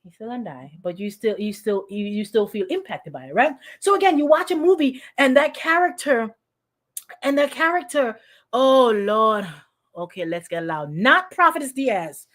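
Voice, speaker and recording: A woman's voice: fairly high pitch, big pitch swings, normal speed, a bit bright. A middle-aged woman pastor preaching informally, calling on listeners by name and acting out quoted voices. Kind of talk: informal sermon to an online congregation.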